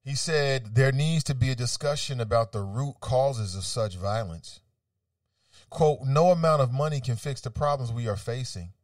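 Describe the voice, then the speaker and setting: A man hosting an opinionated talk radio segment, reading out quotes and rebutting them with animated, argumentative commentary. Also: mid-range voice, moderate pace, no echo, studio quality, far from the mic.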